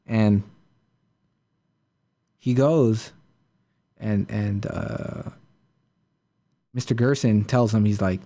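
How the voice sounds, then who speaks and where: A man's voice: on the low side, extremely slow, pauses often, warm tone. A man hosting a podcast, retelling a story in a casual, rambling way full of fillers and restarts. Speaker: podcast host.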